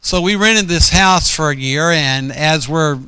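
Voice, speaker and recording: A man tells a personal story as a sermon, in a folksy, rambling way, often stopping to correct himself. His voice sits a bit high for a man and sounds smooth and resonant. The recording is dry and close. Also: measured pace, pushed and bright, no room sound. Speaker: preacher.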